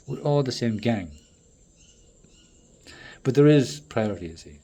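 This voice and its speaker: A man in a rambling, profane monologue that swings between loud outbursts and low mutters. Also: lively intonation, unhurried, long pauses.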